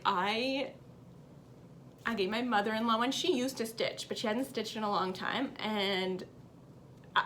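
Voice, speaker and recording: A woman's voice: a little high, fairly bright tone, a little hiss or hum. A woman hosting a cross-stitch vlog, chatting upbeat to camera and reading out viewer comments at home. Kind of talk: casual chat to camera.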